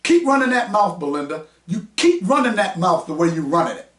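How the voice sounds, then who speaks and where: A man hosting his own podcast, combative and mocking, raising his voice to a shout as he rants. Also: high-pitched, big pitch swings, brisk. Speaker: podcast host. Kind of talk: heated podcast rant. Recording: roomy echo, mic at a distance.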